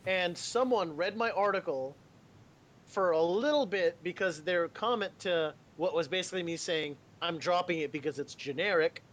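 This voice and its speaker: A man co-hosting a casual anime podcast, telling stories in a profane, animated way and laughing often. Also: sits high, normal speed. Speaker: podcast co-host.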